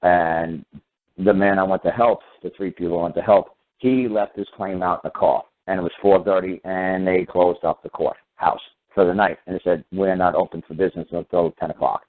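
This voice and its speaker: A man's voice: deep voice, steady tone, moderate pace. Man lecturing over a phone line. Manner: emphatic, repetitive, lecturing. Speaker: guest caller on talk radio. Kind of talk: talk radio storytelling and opinion.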